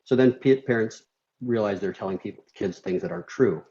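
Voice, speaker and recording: A man's voice: lowish voice, a little fast, dark tone. A middle-aged man from Minnesota, a surgeon guest on a podcast, talking candidly and rambling with many "you know" fillers. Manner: rambling, frequent "you know" fillers, laughs while telling stories. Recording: slightly dull lo-fi audio.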